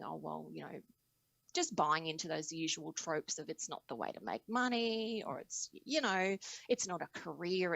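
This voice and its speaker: A woman with a low, gravelly voice talks through her own path into singing as an interview guest. She sounds reflective and lively, and the recording is dry and close. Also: no room sound, poor audio. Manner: reflective, animated storytelling with laughs. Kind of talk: conversational interview.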